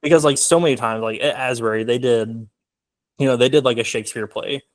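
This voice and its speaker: A man's voice: mid-range voice, fairly quick. A young man talking casually as a film guest in an interview, rambling with many fillers. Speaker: filmmaker guest.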